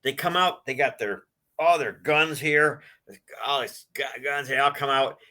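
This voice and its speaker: A man's voice: mid-range voice, a little slow, pushed and bright. An older man telling rambling stories in a casual interview, acting out what other people said. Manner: rambling anecdotal storytelling, acts out quoted voices. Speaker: guest, collector of a presidential car.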